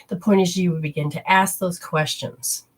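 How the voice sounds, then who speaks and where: Low husky woman teaching healing. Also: steady tone, normal speed. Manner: rambling, instructive, talks straight to listeners. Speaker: spiritual healing host. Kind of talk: casual teaching talk.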